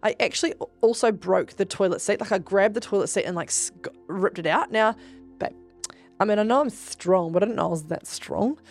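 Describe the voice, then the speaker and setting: Woman, podcast host, casual spiritual storytelling, animated, swears a lot, middle pitch, faint music behind. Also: a little fast. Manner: speaks straight to listeners with instructions.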